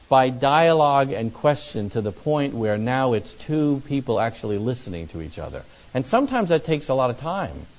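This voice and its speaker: A man preaching a conversational sermon on evangelism, acting out both sides of imagined conversations with fillers and restarts. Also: medium pitch. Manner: animated, acts out both sides of dialogues.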